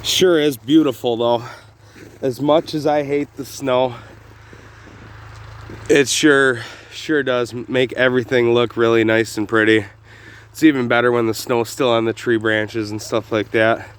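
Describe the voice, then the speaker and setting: A young man casually narrating a homestead vlog outdoors in the snow, talking in a relaxed, rambling way with many pauses. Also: medium pitch, clear, resonant tone. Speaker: homestead vlogger. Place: outdoors on a snowy rural property. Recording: faint engine noise behind. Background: idling engine.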